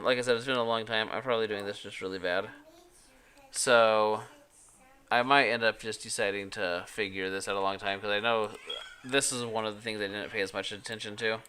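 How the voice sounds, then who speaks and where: A man's voice: fairly low pitch, fairly even intonation, moderate pace, pushed and bright, clear, resonant tone. A man streaming live, chatting casually and thinking aloud as he works, rambling and correcting himself. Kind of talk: casual live-stream chat while working in 3D software.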